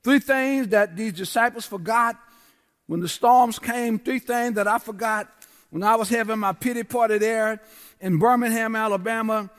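Guest preacher, male, very high voice, rhythmic repeated refrains, church reverb. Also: fairly even intonation, moderate pace, a bit bright. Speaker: guest pastor. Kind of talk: sermon. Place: large church. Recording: long church hall reverb.

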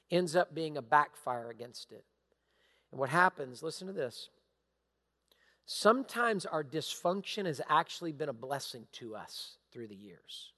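A middle-aged male pastor giving a sermon, emphatic and repetitive, sometimes dropping into hushed asides. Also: fairly high pitch. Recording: long hall reverb.

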